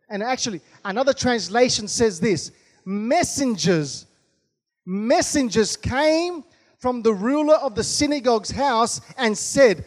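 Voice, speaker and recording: An Australian pastor preaches in a large church hall whose long reverb trails his words, punctuating points with cries of amen and hallelujah. His very high voice is expressive and unhurried.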